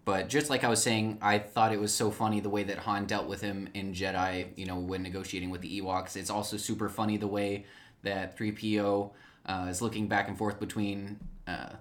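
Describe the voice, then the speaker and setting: A man co-hosting a casual podcast chat about films, relaxed and thoughtful. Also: lowish voice, a little fast. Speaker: podcast co-host.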